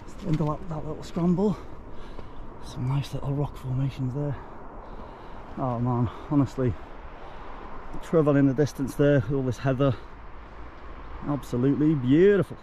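A man's voice: mid-range voice, steady tone, normal speed, long pauses. A Welsh man vlogging a mountain hike outdoors, chatty and out of breath, talking to viewers as folks. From Wales. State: out of breath from climbing. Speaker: hiking vlogger. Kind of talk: casual outdoor vlog narration. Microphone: camera mic while hiking. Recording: wind noise from outdoor camera mic.

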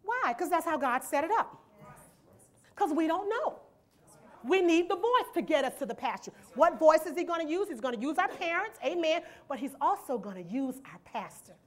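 Her voice is very high-pitched and sing-song, moving at normal speed as she preaches in a church. Going through scripture verse by verse, she reads each passage aloud and explains it, drawing the congregation in with rhetorical questions and an expectant "amen?"

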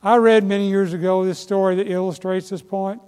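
A man's voice: high-pitched, little pitch movement, fairly quick, darkish tone, smooth. An older man, preaching a sermon as a pastor, telling folksy stories and building to emphatic exhortation. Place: church sanctuary. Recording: long hall reverb.

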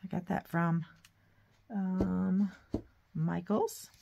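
A woman's voice: fairly low pitch, steady tone, very slow, creaky, mellow. A woman hosting a craft video, chatting casually while she works, humming nonsense sounds and using folksy sayings. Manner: chatty, talks to herself while working, hums and sings nonsense sounds. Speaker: craft channel host. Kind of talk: casual craft tutorial chat.

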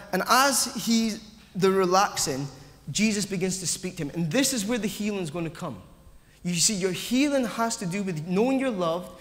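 High-voiced preacher in a reverberant church. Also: male voice. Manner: emphatic, repetitive, asks the congregation questions. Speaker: pastor. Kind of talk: sermon. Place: church hall.

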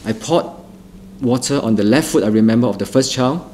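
A middle-aged man from Singapore, giving an earnest spoken testimony that repeats phrases for emphasis and restarts in halting bursts. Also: mid-range voice, mellow, a little hiss or hum. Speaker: testimony speaker.

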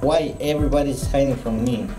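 A man with a Spanish accent giving casual, excitable gameplay commentary, laughing often and jumping high in pitch when alarmed. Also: fairly quick. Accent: Spanish-accented English. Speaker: gameplay streamer. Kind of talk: casual let's-play commentary. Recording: roomy echo with game music behind.

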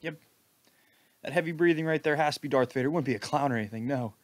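A man giving mocking, deadpan sarcastic commentary over a video. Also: medium pitch, rapid-fire, dry recording. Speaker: video reactor.

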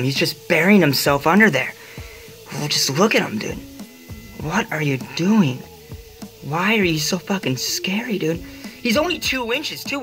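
An excitable woman films herself at home on a handheld camera, chatting in a casual, foul-mouthed way and sprinkling "dude" everywhere. Her voice sits in a middling pitch, with soft music faintly behind her. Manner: profane and excitable, says dude a lot. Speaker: vlogger. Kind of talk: casual vlog commentary.

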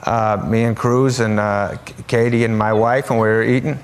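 A man's voice: fairly low pitch, normal speed, clean tone. A man on a talk show telling comic anecdotes, laughing and stumbling over restarts as he goes. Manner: animated, laughing through stories, stammering restarts.

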